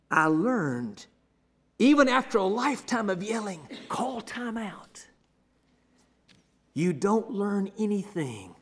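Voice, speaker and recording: A man preaching a sermon as pastor, swinging from ringing declarations to hushed near-whispers with a repetitive, measured cadence. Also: a little high, breathy edge.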